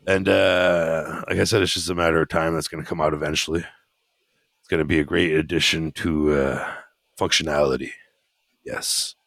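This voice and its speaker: Deep-voiced man, teasing podcast banter. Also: steady tone, normal speed, vocal fry, fairly bright tone, dry recording, clean studio sound. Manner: teasing, prone to laughing fits. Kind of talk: casual chat.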